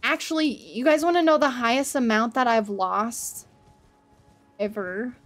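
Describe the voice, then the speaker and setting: A young woman streaming a video game, reacting with loud yelps, swearing and laughter, and joking at her own expense to her chat. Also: fairly high pitch, measured pace, soft background music. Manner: talks to chat, self-mocking. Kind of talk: live gameplay commentary.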